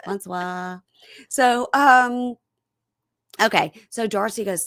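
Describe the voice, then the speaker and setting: Lively woman recapping a reality show. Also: a little high, measured pace, gravelly, long pauses, dry recording, studio quality. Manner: animated, acts out quotes in funny voices. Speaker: podcast host.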